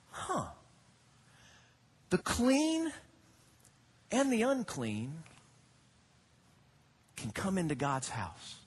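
Preacher guy in church, high bright voice, jumps all over in pitch. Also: husky. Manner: animated, acts out quoted voices, asks the congregation questions. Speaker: pastor. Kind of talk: sermon. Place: church sanctuary.

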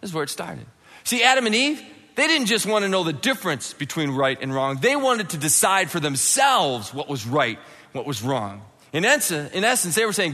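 A man preaching with a bright, forceful voice that swings widely in pitch. He acts out the voices he quotes and drops suddenly to a near whisper. His words ring out in a hall with a long reverb. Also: big pitch swings, moderate pace. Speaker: pastor. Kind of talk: sermon.

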